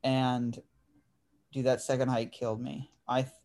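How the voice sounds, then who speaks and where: A podcast host in his twenties tells a story at a slightly slow pace, his medium-pitched voice level and a bit mellow. The chat is relaxed, with plenty of "dude" and "like."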